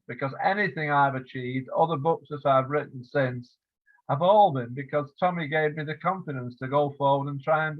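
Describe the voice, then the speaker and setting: An older English man, an author interviewed over a video call, telling stories in a relaxed, reminiscing way with fillers. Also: mid-range voice. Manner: warm storytelling with fillers, acts out quoted voices. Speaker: author interviewed about his biography. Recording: phone-like lo-fi line.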